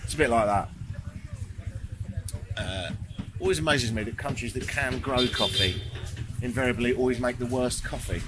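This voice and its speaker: A travel vlogger from Britain, sleepless and jet-lagged, delivers a wry, self-mocking monologue from a hotel room with the windows shut, swearing now and then. His voice is mid-range at a normal speed with frequent pauses, and heavy background noise is present.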